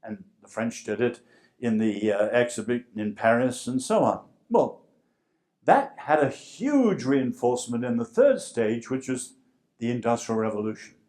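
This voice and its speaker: A man with an English accent giving a public lecture, emphatic and full of dramatic pauses. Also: medium pitch, sing-song, a little mellow.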